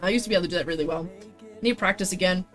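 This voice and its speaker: A woman's voice: lowish voice, rapid-fire, faint music behind. A woman chatting casually on a livestream while crafting, reading out chat messages and answering them in a chatty, exclamatory way. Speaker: streamer crafting a costume tail.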